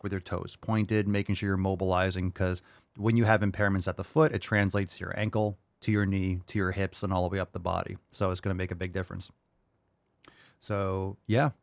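A man with a fairly low voice hosts a call-in fitness show. He answers questions in a loose, direct and joking way. The sound is close and dry. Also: gravelly, dry recording. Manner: loose, joking and direct, plain gym advice. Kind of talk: casual call-in advice talk.

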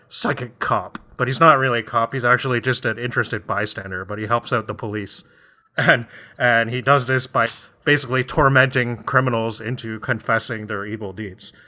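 A man's voice: mid-range voice, sharp tone. A man in casual conversation retelling a book's plot, rambling along with frequent laughs and acted-out bits. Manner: rambling, laughs often, acts out voices. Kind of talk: casual chat.

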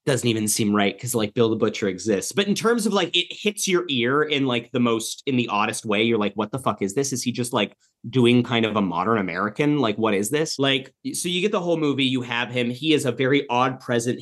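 A man co-hosting a podcast, talking casually about a film, rambling with lots of fillers and swearing. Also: mid-range voice. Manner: rambling, animated, swears a lot, many fillers. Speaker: podcast co-host. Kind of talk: casual movie discussion.

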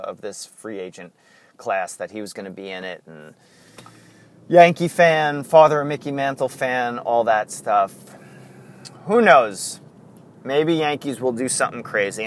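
A man talking through a loose solo podcast episode, his pitch sitting at an everyday middle. He rambles and drifts onto tangents, with plenty of fillers and easy chuckles. A faint hiss of background noise sits under his voice. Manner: chuckles often, many fillers. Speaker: podcast host. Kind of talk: casual solo podcast monologue.

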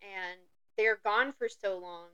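Woman, podcast co-host, bright crisp voice, chatty, excitable. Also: medium pitch, takes it slowly, no room sound, highs cut off. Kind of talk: casual book discussion.

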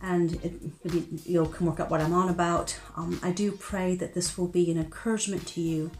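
A middle-aged woman from Chicago with a mixed American and British accent, giving earnest, gentle Christian teaching straight to camera. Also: lowish voice, level tone, normal speed, soft background music. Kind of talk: direct-to-camera faith teaching.

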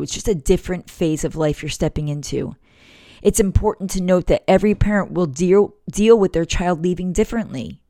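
A woman's voice: fairly low pitch, dark tone, no room sound, clean studio sound. A woman in her forties hosting a parenting podcast, telling a personal story candidly in a casual, heartfelt monologue. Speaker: podcast host.

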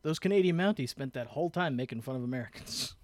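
A man hosting a podcast in casual chat, easygoing and halting, stopping to restart often. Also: mid-range voice, lively intonation, no echo. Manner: easygoing, halting, many fillers. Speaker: podcast host.

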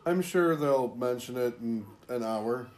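A man's voice: medium pitch, unhurried. A man co-hosting a movie podcast, making dry, wry quips and swearing casually. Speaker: podcast co-host.

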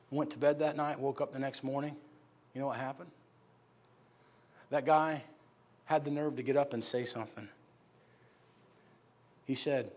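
A man from upstate New York preaching a sermon, telling stories and swinging from hushed asides to loud shouts. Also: medium pitch, normal speed, long pauses. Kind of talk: sermon storytelling.

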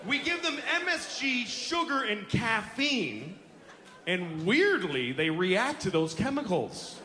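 A man's voice: high voice, sing-song, takes it slowly, pushed and bright. A man doing stand-up comedy in a theater, ranting in an exasperated, profane way. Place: theater stage. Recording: echoey theater, audience laughter.

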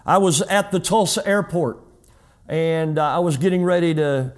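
A middle-aged male pastor preaches a sermon, telling a personal story and acting out its dialogue in changing voices. His voice is on the high side and moves at normal speed.

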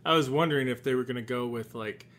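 A co-host in a casual fan discussion who gives opinions in a measured, relaxed way. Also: medium pitch, a little hiss or hum. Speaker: podcast co-host.

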